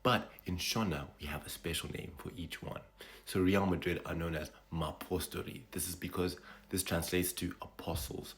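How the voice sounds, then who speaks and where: A man from Zimbabwe, casually explaining things to his viewers in a relaxed, chatty way. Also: low voice. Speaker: video creator.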